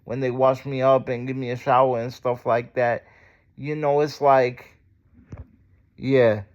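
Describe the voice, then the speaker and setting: A man's voice: mid-range voice, little pitch movement, measured pace, a little mellow, highs cut off. A man ranting in a casual vlog, heated, profane and indignant. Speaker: vlogger. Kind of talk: angry casual rant to camera.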